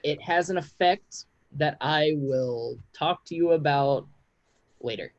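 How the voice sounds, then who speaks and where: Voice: medium pitch, takes it slowly, dry recording, dull audio. A game master narrating a tabletop game, often hesitating and restarting sentences.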